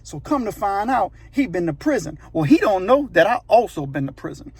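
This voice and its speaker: A man's voice: high voice, sing-song, fairly quick, breathy edge, no room sound. A man telling a true story in a casual, conversational way, often checking in with the listener.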